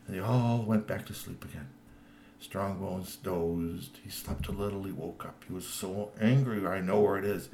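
Give me a low-voiced man telling a children's story with lots of voices. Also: measured pace, slight background noise. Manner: lively with many put-on voices.

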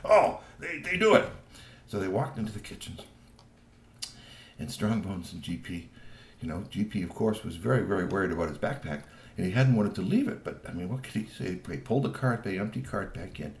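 A man's voice: sits low, a little fast, echoey room, a little hiss or hum. A man telling a children's story aloud, addressing the listeners directly. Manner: lively, talks to listeners directly.

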